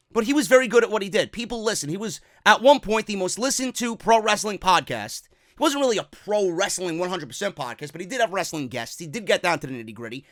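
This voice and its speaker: A man's voice: sits high, pushed and bright, no room sound, studio quality. A man hosting a wrestling talk show, giving a profane, sarcastic rant. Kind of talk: opinionated rant.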